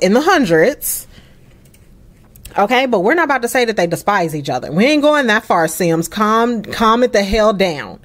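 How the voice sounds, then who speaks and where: A woman hosting a casual let's play, chatty and expressive, cursing and laughing at the game's drama. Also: mid-range voice. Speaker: gaming channel host.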